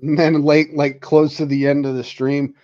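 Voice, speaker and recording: A man joins a livestream as a guest and chats crudely, swearing freely. His voice is fairly high but mellow and soft-edged. It comes through a dull, lo-fi connection that muffles the top end. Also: flat delivery, moderate pace. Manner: crude, profane, laughing along. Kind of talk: casual livestream chat.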